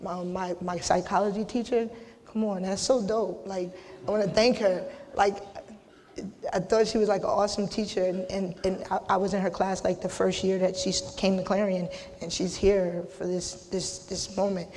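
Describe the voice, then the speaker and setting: Middle-aged woman, emotional inductee, choked-up, casual, restarts often, monotone, long reverb. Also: mid-range voice, a little hiss or hum. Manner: halting, repeats herself, casual slang. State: holding back tears. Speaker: hall of fame inductee. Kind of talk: emotional acceptance speech.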